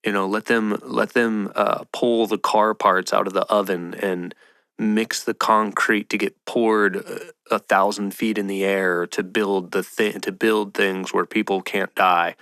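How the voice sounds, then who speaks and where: A man with a lowish, gravelly voice rambles on in a loose, playful monologue. He slips into mock voices now and then. The sound is dry and close, with no room around it. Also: flat delivery, a little slow, a bit bright, no room sound. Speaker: podcast host. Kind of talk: casual monologue.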